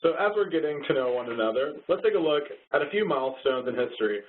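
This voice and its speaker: A man's voice: fairly high pitch, animated, fast. A man co-hosting a training webinar in an easygoing way, over tinny phone-like audio. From Texas. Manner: easygoing, laughs along at jokes. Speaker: webinar co-host. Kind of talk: casual webinar presentation.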